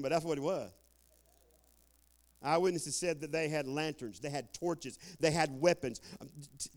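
An older man preaching a folksy sermon, calling out for amens and swinging between loud bursts and quiet asides. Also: on the high side. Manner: folksy Southern preaching, calls for amen, swings loud and soft.

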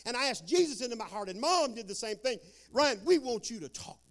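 A man playing a middle-aged father who pleads loudly and emotionally with his son, his voice pushed high. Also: very animated, a little fast, exaggerated voice. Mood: excited.

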